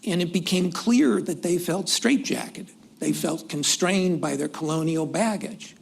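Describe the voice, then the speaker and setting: A man speaking as a panelist at a policy discussion, measured and deliberate, with occasional restarts. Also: a little high, vocal fry, husky. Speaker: panelist, former senior government official. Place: conference hall event.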